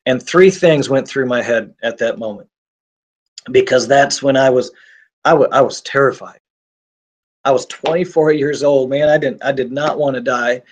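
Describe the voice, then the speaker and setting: A man of medium pitch recounts how he survived, speaking as a guest in an interview. His delivery is halting and intense, full of repeated and restarted words, as he gives his personal testimony.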